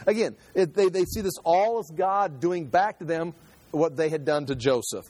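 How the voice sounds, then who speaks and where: Guy going through a bible passage verse by verse, kinda high voice, dry sound, lots of restarts. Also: normal speed, darkish tone, no echo. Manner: conversational, reads scripture then explains it in his own words; frequent restarts and repeated words. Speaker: Bible teacher.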